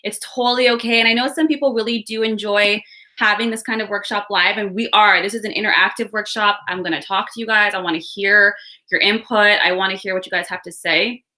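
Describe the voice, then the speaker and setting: A woman's voice: medium pitch, fairly even intonation, a little fast, pushed and bright. A woman hosting a live online workshop, chatting upbeat with viewers and greeting them by where they're from. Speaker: workshop host. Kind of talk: live webinar chat. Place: home room with window.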